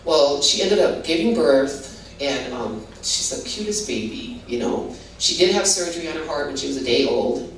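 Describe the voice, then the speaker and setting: A deep-voiced older woman from Hawaii talks at a moderate pace with animated intonation while giving her testimony as a guest. Her delivery meanders, full of restarts and "you know." Faint background noise and a roomy, distant-mic quality mark the audio.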